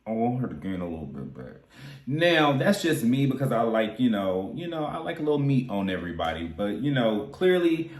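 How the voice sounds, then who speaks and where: A man's voice: mid-range voice, a little mellow. A man giving a casual, sassy recap of a reality TV episode, campy and profane, with big swoops in his voice. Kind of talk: casual commentary. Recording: echoey room.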